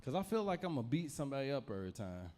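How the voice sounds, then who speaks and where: A man's voice: medium pitch, sing-song, rapid-fire, darkish tone. A young man from Louisville, Kentucky, doing a stand-up comedy set in a loose, rambling storytelling manner with repeated phrases.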